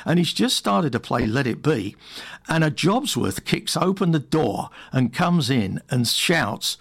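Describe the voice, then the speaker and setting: A man presenting on the radio, telling a lively anecdote between songs with quick asides. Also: on the high side, creaky, breathy edge.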